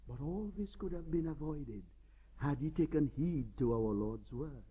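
Man, preacher, dramatic sermon, slow delivery, husky voice, muffled lo-fi sound. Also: a little high, animated. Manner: dramatic, emphatic storytelling preacher.

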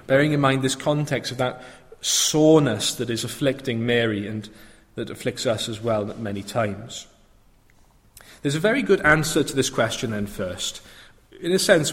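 A man preaching a sermon in a reflective manner, often turning to rhetorical questions. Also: mid-range voice. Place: church. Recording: long reverb of a church.

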